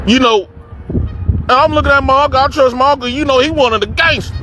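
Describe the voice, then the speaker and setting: A man casually telling a profane, animated story and acting out the people he quotes. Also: very high voice, fairly quick, slight background noise. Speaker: podcast host telling a story.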